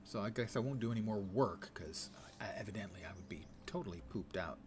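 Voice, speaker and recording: A man's voice: fairly low pitch, a little fast. A man casually narrating his gameplay on a stream, muttering dry, wry asides to himself. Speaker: game streamer.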